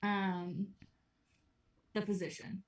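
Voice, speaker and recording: A woman's voice: medium pitch, level tone, very slow. A woman narrating as game master of a tabletop game, hesitant with many ums. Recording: echoey room, far from mic.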